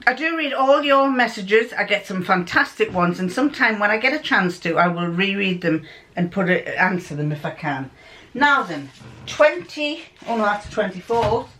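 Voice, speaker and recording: Chatty woman with a lively pitch. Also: normal speed, a little hiss or hum. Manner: chatty, scattered, correcting herself as she goes. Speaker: vlogger. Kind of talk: casual chat.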